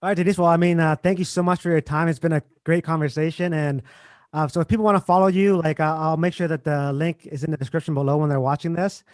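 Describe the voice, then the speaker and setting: Male host, slightly high voice, easygoing chat, dry close sound. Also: fast, dry recording. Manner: relaxed, filler-heavy talk. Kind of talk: casual interview chat.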